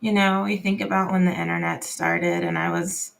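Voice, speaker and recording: A woman's voice: lowish voice, flat delivery, moderate pace, vocal fry. A woman chatting as a guest on a casual livestream, upbeat and chatty, laughing often. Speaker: guest, host's partner.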